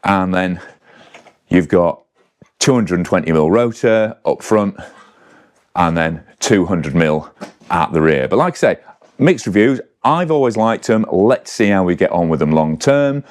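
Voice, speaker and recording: Low-voiced man reviewing a bike. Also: expressive, measured pace. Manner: chatty, rambling, self-correcting asides. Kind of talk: casual spec walkthrough to camera.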